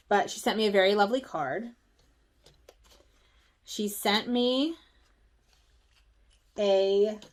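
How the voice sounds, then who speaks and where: A woman from the Philadelphia area chatting casually at home for her stitching vlog, excitable and rambling, with quick asides. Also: medium pitch. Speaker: stitching vlogger.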